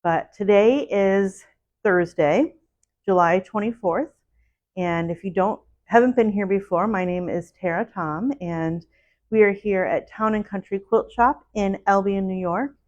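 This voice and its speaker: A woman's voice: mid-range voice, unhurried, a little mellow. A woman talks casually through a solo live stream from her quilt shop, greeting viewers one by one. Her voice sits mid-range. The audio is dull and lo-fi. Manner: chatty, greets viewers by name. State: a little out of breath. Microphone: solo live stream setup.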